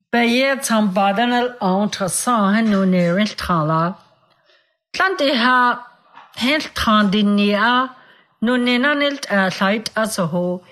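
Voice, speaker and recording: A woman teaching vocabulary and telling a short fable, repeating words slowly for learners and raising her voice for the characters. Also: fairly bright tone. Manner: voices characters with raised pitch. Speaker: language teacher. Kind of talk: storytelling and vocabulary lesson.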